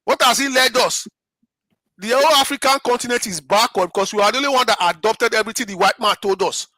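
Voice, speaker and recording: A middle-aged man with a Nigerian accent holds forth on politics in a high, bright voice. He is emphatic and keeps repeating himself, firing off rhetorical questions. The sound is dry and close. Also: fast talker, dry recording. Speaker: panel guest. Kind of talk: impassioned political commentary.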